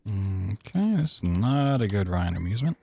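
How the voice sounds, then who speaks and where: A young man casually chatting to his viewers while speedrunning a game, relaxed and playful. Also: fairly low pitch, moderate pace, creaky, a little hiss or hum. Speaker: speedrunning streamer. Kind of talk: casual live-stream commentary while playing.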